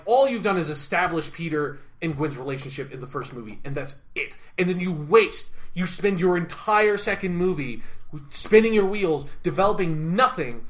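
A man's voice: high-pitched, a bit bright. A man co-hosting a podcast, ranting heatedly about a film and swearing often. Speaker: podcast co-host. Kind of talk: casual review chat.

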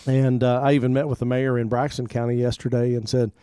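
Man, pastor co-host, warm mellow tone, dry close sound, relaxed rambling talk. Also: medium pitch, fast, smooth, no room sound. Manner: easygoing, rambling, repeats words while thinking. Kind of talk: casual Christian radio talk.

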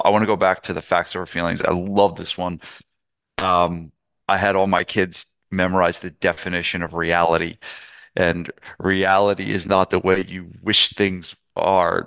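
A man's voice: deep voice, gravelly, bright, forceful tone, no room sound. A middle-aged man hosting a podcast, chatting casually and enthusiastically, rambling with restarts. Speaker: podcast host. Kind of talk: casual interview chat.

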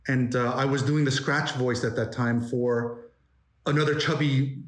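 A man's voice: medium pitch, steady tone, unhurried. A man in his forties from New York, chatting as an interview guest in a rambling way with many fillers and restarts. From New York, United States. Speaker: interview guest, animation story artist. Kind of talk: casual interview chat. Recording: roomy echo.

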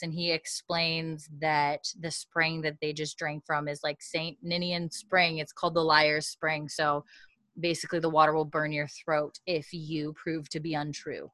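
A woman's voice: low voice, little pitch movement, moderate pace, sharp tone, no echo. A woman podcast host in casual chat, chatty and full of fillers, retelling a story and quoting the characters' lines. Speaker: podcast host recapping an episode.

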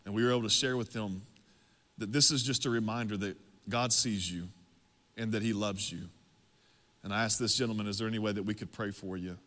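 A man preaching, telling a personal story in a lively, conversational way to his congregation. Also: lowish voice, brisk, pauses often. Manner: animated, conversational storytelling with laughs. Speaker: pastor. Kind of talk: sermon storytelling. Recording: long hall reverb.

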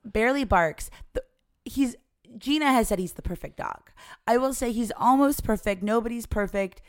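A woman in her forties telling a family story in a chatty, animated way, acting out the voices of the people she quotes. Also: fairly high pitch, moderate pace, clean tone, dry recording, clean studio sound. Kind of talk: casual storytelling chat.

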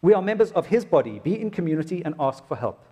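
Man, preacher, sermon, joking and exclamatory, slightly high voice, long hall reverb. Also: sing-song, quick pace, warm tone, husky.

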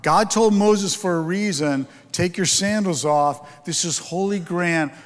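Guy preaching a sermon, high voice, lots of um and questions to the crowd, big echoey church sound. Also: a little slow. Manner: teaching, explanatory, with fillers and rhetorical questions. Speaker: pastor.

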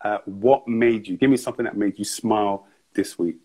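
Low-pitched male host, easygoing interviewer, gently encouraging. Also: moderate pace, slightly rough, rough recording. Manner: relaxed, encouraging questioner. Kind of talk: casual interview questions.

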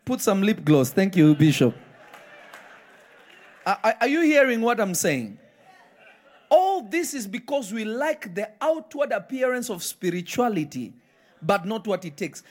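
A man's voice: high voice, sing-song, measured pace, long pauses. A man preaching a live sermon in church, emphatic and firing repeated questions at the congregation. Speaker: pastor.

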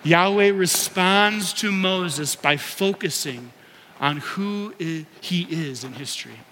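A man's voice: sits high, slow, pushed and bright, slight background noise. A young man preaching a sermon, teaching and having the congregation repeat words after him. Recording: long hall reverb.

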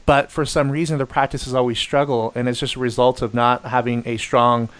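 A middle-aged man hosting a podcast, chatting casually and telling animated stories with many restarts and quoted voices. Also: mid-range voice, a little fast, clear, resonant tone. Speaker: podcast host. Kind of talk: casual chat.

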